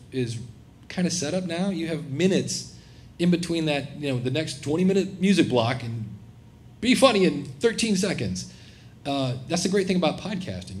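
A man's voice: on the high side, slight background noise. A middle-aged man presenting at a conference, talking casually to a live audience and acting out quoted voices. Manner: animated, acts out quoted voices. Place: conference room, live session.

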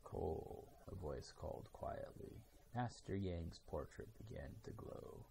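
A man reading a children's story aloud in a steady, measured way. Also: low voice, creaky, background noise. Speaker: storybook reader. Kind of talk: read-aloud narration.

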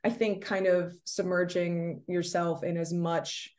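Chatty young American actress, low voice. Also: female voice, level tone, unhurried, a little mellow. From United States. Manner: chatty, many fillers, laughs often. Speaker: actress, interview guest. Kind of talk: casual interview chat.

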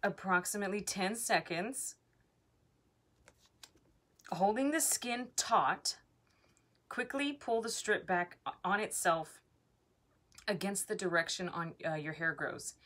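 A woman's voice: on the low side, sing-song, slow, long pauses, a bit bright. A woman vlogging at home, nervously exclaiming and giggling as she reads product instructions aloud. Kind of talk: casual vlog, reading product instructions aloud.

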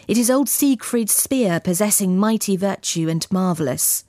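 A woman's voice: medium pitch, expressive, moderate pace, a little mellow, no room sound, clean studio sound, close to an everyday voice. Solemn young lover, read by a woman. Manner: solemn, tender archaic speech. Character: solemn young male lover bidding farewell.

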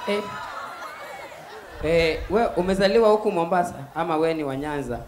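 A man with a Kenyan accent performing a loud stand-up comedy set on a live stage, mixing Swahili and English and acting out voices. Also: fairly high pitch, moderate pace, pauses often, a faint crowd, a little hiss or hum. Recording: echoey live venue with faint ambience.

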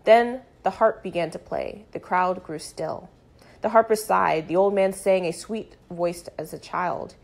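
Lady reading a novel out loud, dramatic, some yells and whispers. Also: lowish voice, unhurried, creaky. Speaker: audiobook reader. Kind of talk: first-person literary narration.

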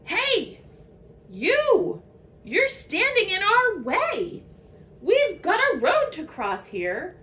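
A woman voicing a troop of small, rowdy ants in a storybook reading, shrill and excited. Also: a little slow, exaggerated voice.

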